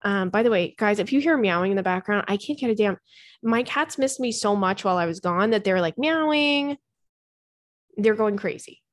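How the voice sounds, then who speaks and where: A woman's voice: mid-range voice, expressive, normal speed. A young woman hosting a podcast from her home, chatting frankly and casually about dating, swearing freely and calling her listeners "girl.". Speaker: podcast host. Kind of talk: casual advice chat reading listener messages. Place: home bedroom with cats.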